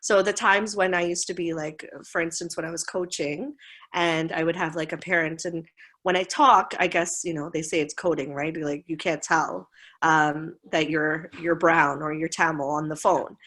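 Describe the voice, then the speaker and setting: A woman in her forties speaks as a school administrator in a relaxed interview. She tells stories with energy, laughing often and slipping into quick impressions of the people she quotes. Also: sits low. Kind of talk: casual interview storytelling.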